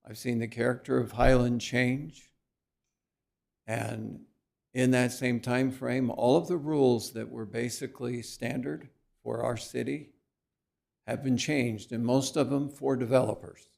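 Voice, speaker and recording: A man's voice: mid-range voice, fairly even intonation, a little slow, gravelly, a little mellow. A man from Virginia giving a blunt, indignant public comment at a council meeting. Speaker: resident speaking at public comment.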